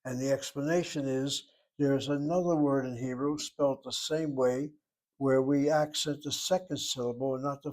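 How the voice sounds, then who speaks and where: A man's voice: mid-range voice, a little mellow. An older man teaching a Hebrew class, explaining words and asking and answering his own questions. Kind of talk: classroom lecture.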